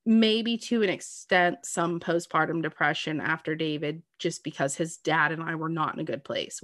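A chatty woman with a lowish voice talks at length in casual, heartfelt conversation. She is earnest and reassuring, with many "like"s and "you know what I mean"s. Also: fairly bright tone, no room sound, clean studio sound. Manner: talkative, earnest, reassuring, full of "like".

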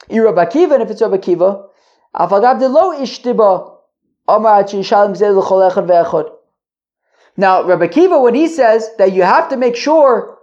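A woman's voice: fairly high pitch, warm tone. A woman hosting a casual Talmud study lesson, reasoning aloud, restarting her sentences and checking that listeners follow. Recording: dull lo-fi audio.

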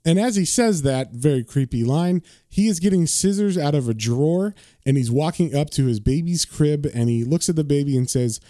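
A man's voice: a little high, expressive, normal speed, warm tone, no room sound, studio quality. A man casually recapping and reading a comic book issue as a podcast host. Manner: casual, with fillers and laughs.

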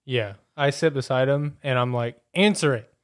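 A man's voice: mid-range voice, flat delivery, moderate pace, clear, resonant tone. A man co-hosting a podcast who chats casually with dry, wisecracking remarks. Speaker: podcast co-host. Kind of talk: casual chat.

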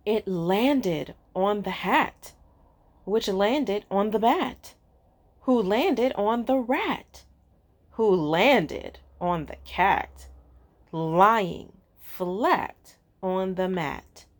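Woman reader, children's storybook read-aloud, slow with lively pitch. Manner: slow, sing-song, expressive.

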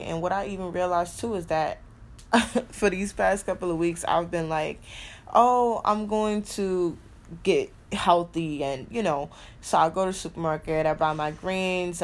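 A woman hosting a podcast in a casual motivational monologue, emphatic, repeating her key phrases and swearing freely. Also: fairly low pitch. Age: adult with a son. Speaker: podcast host.

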